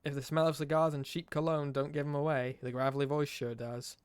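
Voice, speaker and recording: A man streaming, reading a game's story aloud with expressive narration and wry asides. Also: a little high, a little fast, clear, resonant tone, no echo.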